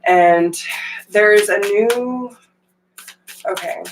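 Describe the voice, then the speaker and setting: A young woman reading tarot live, chatting warmly with viewers, greeting them by name and saying y'all. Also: mid-range voice, drawn-out words, noisy background. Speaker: tarot reader.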